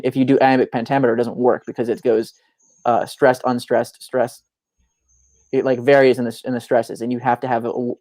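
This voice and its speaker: A man's voice: medium pitch, a little mellow, dry recording. A young man co-hosting a casual livestream chat, rambling with lots of fillers and restarts. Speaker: podcast co-host.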